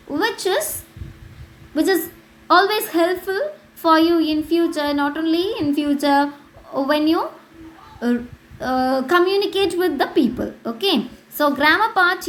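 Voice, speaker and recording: A woman teacher with an Indian English accent, giving an English lesson to children. She repeats words and spells them out. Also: high voice. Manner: slow, repetitive, spells out words.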